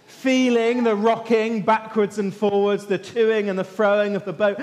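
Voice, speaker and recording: High-voiced man teaching a Bible lesson. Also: measured pace. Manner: animated storyteller, quizzing listeners. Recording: long echo of a large hall.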